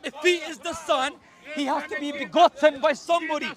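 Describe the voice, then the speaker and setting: A man arguing theology in a heated public debate outdoors, rapid and insistent. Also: very high-pitched, steady tone, a bit bright. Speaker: Christian street debater. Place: outdoor public park with crowd. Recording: busy outdoor crowd behind.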